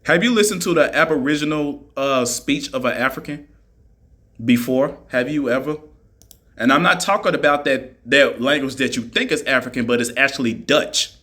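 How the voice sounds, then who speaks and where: A man's voice: mid-range voice, normal speed, pushed and bright. A man ranting on a live stream, mocking his listeners and firing the same rhetorical questions at them again and again. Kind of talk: argumentative live-stream rant.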